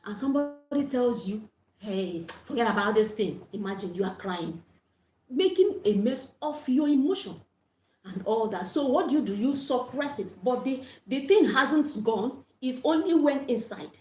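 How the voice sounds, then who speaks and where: A woman's voice: sits high, animated, normal speed, mellow. Earnest woman coach in echoey room. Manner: earnest, repeats key points, blesses viewers. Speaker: parenting coach. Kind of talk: livestream teaching talk.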